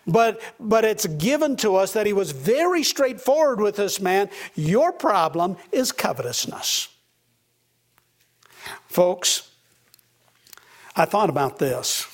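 A man's voice: sits high, big pitch swings, takes it slowly, long pauses. A man preaching a sermon as a pastor, earnest, his voice rising for emphasis.

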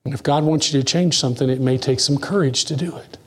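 A man preaching a sermon, reading scripture slowly and dropping to hushed asides between emphatic lines. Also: medium pitch. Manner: reads scripture slowly and deliberately.

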